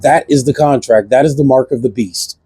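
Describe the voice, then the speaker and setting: A man delivers a fervent spiritual monologue, circling back to the same lines and firing off rhetorical questions. His tone is dark and mellow. The recording is close and dry, with no room sound. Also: mid-range voice, brisk, husky, dry recording. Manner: impassioned, preachy, repeats phrases, asks rhetorical questions. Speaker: vlogger. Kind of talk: passionate spiritual monologue to camera.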